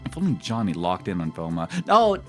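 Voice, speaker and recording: A man in his thirties with a low-pitched voice rambles casually to his stream viewers. His pitch swings widely as he gets animated and laughs along with his own stories. Soft music plays faintly behind him. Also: fairly quick. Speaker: live streamer.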